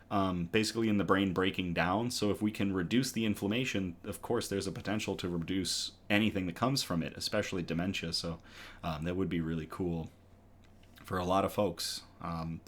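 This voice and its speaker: A man with a somewhat low voice hosts a casual online news show. He reads articles aloud in a conversational tone, with frequent ums and quick self-corrections along the way. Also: fairly bright tone. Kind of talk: casual news reading for a live chat.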